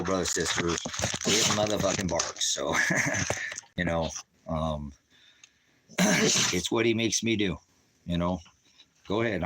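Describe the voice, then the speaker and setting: Swearing heavily, a ministry leader rambles angrily through a profane monologue. He speaks in a low-pitched voice with a fairly bright tone.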